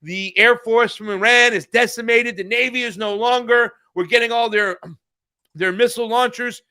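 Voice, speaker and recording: His pitch is extremely high yet steady and smooth, with a pushed, bright quality and a moderate pace. The man co-hosts a political news podcast, chatting casually but heatedly, profane and full of restarts.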